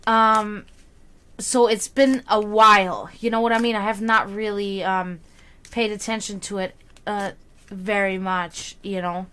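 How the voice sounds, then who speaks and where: A woman's voice: mid-range voice, fairly even intonation, a little slow, a bit bright, clear, resonant tone. A young woman chatting casually with her stream viewers as a psychic reader, laughing often and restarting her sentences.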